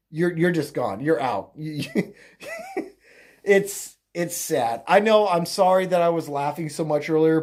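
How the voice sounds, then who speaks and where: Solo political vlogger, unhurried delivery, scornful and laugh-prone, mid-range pitch. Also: a little mellow. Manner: mocking, laughs often. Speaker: political commentator. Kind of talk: political commentary rant.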